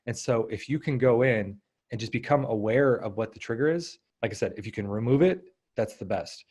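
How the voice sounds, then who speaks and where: A man in his thirties, a guest coach in a casual interview, explaining ideas and acting out inner thoughts in lively asides. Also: mid-range voice, brisk, breathy edge. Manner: animated, acts out inner voices.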